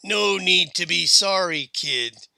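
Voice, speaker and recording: A man voicing a tough frontier woman gunslinger with quiet authority, speaking in a dry western drawl. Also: high-pitched, takes it slowly, vocal fry, dry recording, heavily acted.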